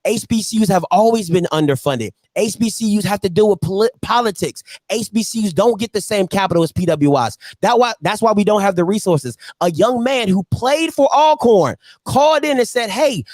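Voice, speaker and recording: A man's voice: high voice, expressive, fairly quick, few pauses, darkish tone, dry recording. A male sports talk show host arguing with a caller on a live show, repeating himself over and over as he presses his point. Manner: repetitive, insistent, talks over the caller. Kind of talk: heated live show argument.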